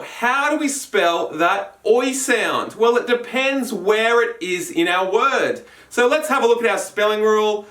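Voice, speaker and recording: Guy teaching spelling, talks slow and clear, echoey room, kinda far from the mic. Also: sits high, fairly bright tone. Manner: slow, clear and upbeat, spelling out letters and sounds. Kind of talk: scripted spelling lesson.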